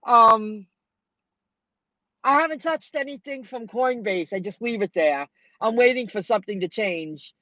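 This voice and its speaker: A middle-aged woman telling viewers about her delivery rounds in a chatty, animated way, acting out what people said. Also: fairly high pitch, unhurried, no room sound, dull audio. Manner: chatty, animated retelling with quoted dialogue. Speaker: food delivery driver vlogger. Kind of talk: casual storytelling to viewers.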